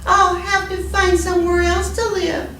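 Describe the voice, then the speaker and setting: A woman voicing a small, clever ladybug, speaking in a high, urgent voice during a children's story reading. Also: level tone, normal speed, fairly bright tone, a little hiss or hum. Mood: dismayed. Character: brave little female ladybug, quiet and clever. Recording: roomy echo from a distant mic.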